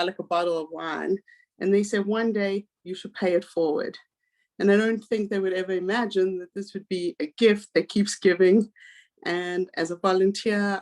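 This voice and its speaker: South African woman in her forties, guest speaker, lively personal storyteller, mid-pitched voice. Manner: animated, acts out quoted voices.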